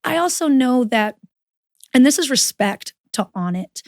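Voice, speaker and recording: A woman guest on a podcast, telling a personal story frankly, with plenty of swearing and animated quoting of her own thoughts. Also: high-pitched, measured pace, dry recording, studio quality. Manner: frank and profane, animated retelling with quoted inner voice. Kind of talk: candid conversational storytelling.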